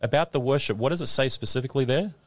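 A man's voice: mid-range voice, very fast. A man teaching the Bible on live radio, quizzing a class in front of him and laughing often. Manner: lively, laughing, asks the audience questions. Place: tent or hall with a live audience.

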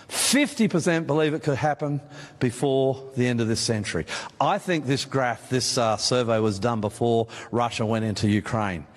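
In a meeting hall with an audience, an Australian-accented man with a mid-range voice preaches on Bible prophecy. Emphatic and conversational, he speaks directly to listeners while a long reverb tail lingers.

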